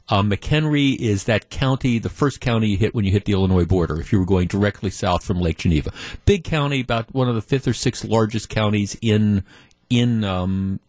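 A man's voice: fairly low pitch, a little mellow, no echo. A middle-aged man hosting a talk radio show, telling a story in a conversational, sardonic way with frequent restarts.

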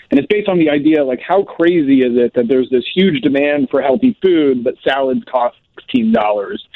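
A man, a company founder calling in as a guest, pitching his business in an upbeat, direct way over a phone line. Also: gravelly, no echo.

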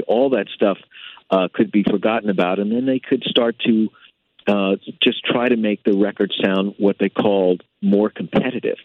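Male guest on a phone line: a lowish voice, dry and tinny, thoughtful with plenty of ums. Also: no echo. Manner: thoughtful, with many fillers. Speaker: guitarist guest. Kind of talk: interview over phone line.

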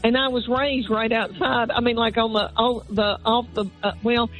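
A woman's voice: on the high side, level tone, normal speed, fairly bright tone, soft background music, rough recording. Folksy Southern woman in her fifties. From Kentucky-Tennessee border, USA. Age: 50s. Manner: folksy, calls people honey and darling. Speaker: comedian guest. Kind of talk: casual radio interview.

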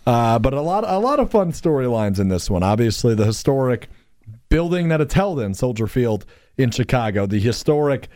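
A man hosting a sports radio show, teasing his co-host with quick banter and reading sponsor copy. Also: mid-range voice, sing-song, a little mellow, dry recording, clean studio sound.

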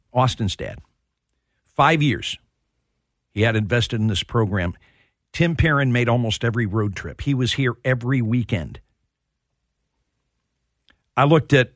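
A man hosting a sports radio show, telling stories in a heartfelt, halting way. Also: mid-range voice, a bit bright, no echo, studio quality. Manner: storytelling, emotional, repeats words when starting. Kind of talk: casual sports talk.

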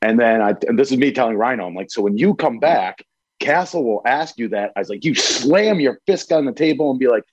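A man's voice: medium pitch, expressive, fairly quick, slightly rough, dry recording, highs cut off. A man on a podcast telling a story in casual chat, laughing along. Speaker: podcast co-host.

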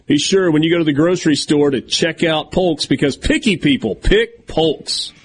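A man's voice: fairly high pitch, brisk, slight background noise. A man hosting sports talk radio, teasing his co-host and reading listener messages aloud.

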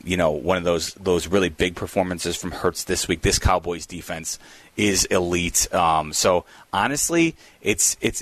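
A low-voiced man hosts a sports call-in radio show. He talks in a chatty, upbeat way, full of loose fillers. The sound is close and dry. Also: fairly bright tone, dry recording.

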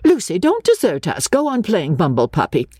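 A woman's voice: on the low side, wildly swooping pitch, moderate pace, mellow, slightly rough, no echo, clean studio sound, pitched above the performer's own voice, full character voice. A woman voicing a bustling, scatterbrained middle-aged mother in an audiobook. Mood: fussy. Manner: fussy, exclamatory.

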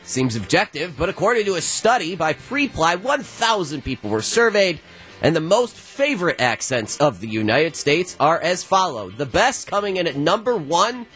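A man, presenting a playful morning show segment with animated, jokey delivery. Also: a little high, normal speed, soft background music.

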